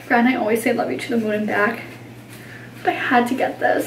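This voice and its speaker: A woman's voice: a little high, fairly even intonation, brisk, roomy sound, far from the mic, a little hiss or hum, rough recording. A pregnant woman in her twenties, chatting casually in a vlog, gushing over baby clothes with lots of fillers. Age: 20s. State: pregnant, tired. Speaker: vlogger.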